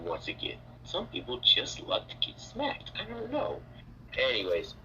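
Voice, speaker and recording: A young man recapping a story in a rambling, halting, mumbly way. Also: low voice, bright, forceful tone. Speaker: co-host. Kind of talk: casual fan recap. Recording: dull lo-fi mic with faint hiss.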